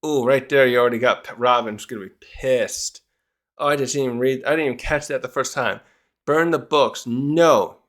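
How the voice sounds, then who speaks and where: A man's voice: medium pitch, fairly even intonation, fairly quick, a bit bright. A man casually reviewing a comic chapter, rambling and searching for words with many fillers. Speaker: manga review youtuber. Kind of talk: casual chat.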